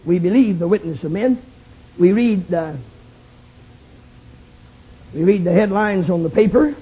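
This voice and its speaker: A Baptist preacher, shouting a fiery revival sermon in a tent and calling for amens. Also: male voice, sits high, unhurried, breathy edge. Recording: tinny lo-fi old tape recording.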